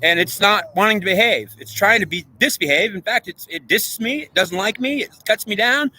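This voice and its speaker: A man's voice: high voice, expressive, brisk, pushed and bright. A man in a rambling, emotional monologue, pleading with an unseen goddess in an agitated, repetitive way. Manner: addresses an unseen goddess directly.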